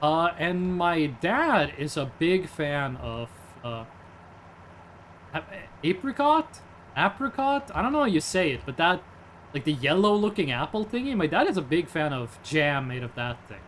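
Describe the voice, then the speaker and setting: A man's voice: on the high side, lively intonation, moderate pace, fairly bright tone, slight background noise. A young man, streaming casually in a rambling, jokey way and answering chat. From Norway.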